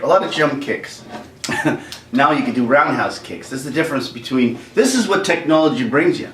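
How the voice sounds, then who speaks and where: A man chatting casually in an unboxing video, animated and joking, throwing in sound effects. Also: mid-range voice, brisk, echoey room, far from the mic, slight background noise. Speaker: toy vlogger and comedian.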